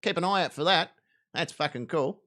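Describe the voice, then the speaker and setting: A man's voice: a little high, moderate pace, bright, forceful tone. A man with an Australian accent hosting a live stream, giving crude, rambling, swaggering commentary on videos.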